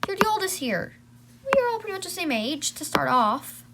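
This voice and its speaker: A woman's voice: very high voice, big pitch swings, fairly quick. A woman telling a homemade role-play story, switching between voices of bickering siblings. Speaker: storyteller voicing all characters. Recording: loud background noise.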